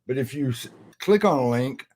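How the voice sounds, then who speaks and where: Casting: man, mid pitch, lively intonation, friendly laid-back guest. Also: normal speed. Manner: friendly, calls people brother. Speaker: guest on a livestream. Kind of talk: casual chat.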